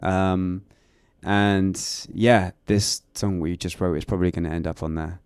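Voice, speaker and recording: A band member giving casual interview answers, hesitant and searching for words with frequent fillers. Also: male voice, low voice, fairly even intonation, measured pace, a little mellow, clear, resonant tone, no room sound, studio quality.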